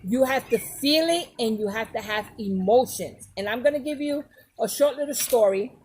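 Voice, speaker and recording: A woman's voice: a little high, normal speed, darkish tone, slight background noise. A woman talking to her viewers in a casual, emphatic advice vlog, often repeating her points and checking in with them. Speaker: vlogger giving advice. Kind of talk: casual advice talk to camera.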